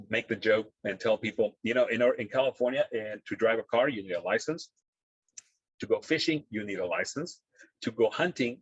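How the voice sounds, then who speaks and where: A man giving a parenting workshop talk over a video call, earnest and halting, with many fillers. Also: on the low side, slightly rough, no echo. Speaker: presenter. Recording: dull, dry audio over a video call.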